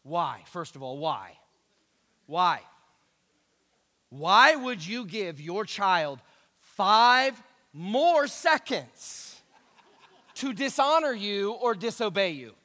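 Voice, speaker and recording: A man preaching a sermon as pastor, emphatic and animated, repeating key phrases. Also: high-pitched, drawn-out words, pauses often. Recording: echoey hall.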